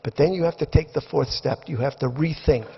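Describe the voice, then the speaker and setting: Gravelly and slightly rough, this older man's voice sits on the high side and moves fairly quickly. He is giving reflective opening remarks in a debate, storytelling as he goes with acted quotes. The audio is dull and lo-fi, recorded in a lecture hall with heavy reverb.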